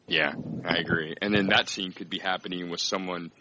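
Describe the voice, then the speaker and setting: A man with a low but bright, forceful voice, chatting in a relaxed and agreeable way as a podcast co-host. His mic sounds dull and lo-fi, and the sound is dry with no room. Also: a little fast, slight background noise. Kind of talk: casual film discussion.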